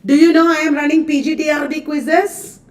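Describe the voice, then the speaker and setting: A woman teacher speaks a little fast in a high, steady, slightly mellow voice during an exam quiz lesson. Chatty, she reads questions and options aloud and repeats them, recorded on a distant mic in an echoey room.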